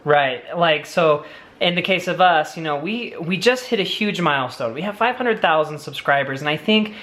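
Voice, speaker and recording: A young man co-hosting a family vlog Q&A chats eagerly at normal speed in a higher, somewhat bright, expressive voice. His casual talk is enthusiastic and rambling, full of fillers, asides and restarts.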